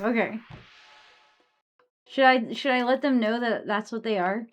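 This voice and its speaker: Young woman, slightly high voice, sleepy, yawning, casual game stream chat, swears a lot. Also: animated, measured pace, long pauses. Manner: casual, swears often, chats to viewers. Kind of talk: casual live-stream chat while gaming.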